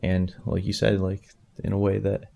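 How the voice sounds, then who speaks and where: A man co-hosting a casual faith conversation, soft-spoken and hesitant, often pausing to search for words. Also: low-pitched, monotone, gravelly.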